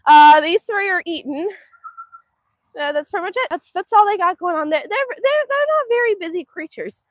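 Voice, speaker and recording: A woman's voice: very high-pitched, animated, normal speed, dry recording, clean studio sound. A woman hosting a casual livestream outdoors on a farm, chatty and laughing often as she answers viewers. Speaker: homestead livestream host. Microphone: phone livestream.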